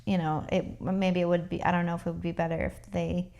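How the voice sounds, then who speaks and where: A woman co-hosting a photography chat, soft-spoken, giving brief replies and trailing off. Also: on the low side, level tone, fairly quick, vocal fry. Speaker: co-host. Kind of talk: casual chat.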